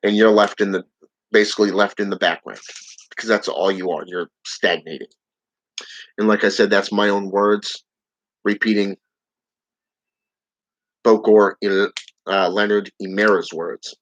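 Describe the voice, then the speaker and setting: A man's voice: fairly low pitch, fairly even intonation, a little slow, long pauses, a bit bright. A man hosting his channel, reading viewer comments aloud in a casual live-stream chat and chuckling often. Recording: dull lo-fi audio.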